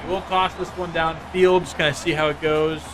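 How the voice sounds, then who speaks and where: A man calls the plays of a football video game live, bursting into excitement on big plays and slipping into easy chatter with his viewers. His voice sits a little high, with faint music underneath. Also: moderate pace. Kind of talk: live gameplay commentary.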